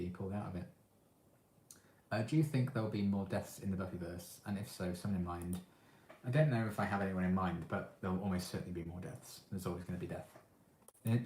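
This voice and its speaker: Young English guy hosting a stream Q&A, laid-back and halting, low voice, faint background hum. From England. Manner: relaxed, hesitant, lots of ums. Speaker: livestream host. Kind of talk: casual Q&A answering chat. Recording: echoey room.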